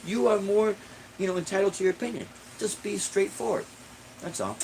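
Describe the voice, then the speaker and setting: Middle-aged man, blunt and indignant street musician venting, slightly high voice, faint background noise. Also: sing-song, a little fast, gravelly, darkish tone, poor audio. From Illinois. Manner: blunt, indignant, repeats himself for emphasis. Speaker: busking musician, vlogger. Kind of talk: casual ranting monologue.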